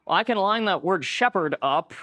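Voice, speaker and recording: A man's voice: sits high, expressive, moderate pace, sharp tone, dry recording. A man giving a conference lecture in a conversational way, with many filler words. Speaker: conference speaker. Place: lecture room.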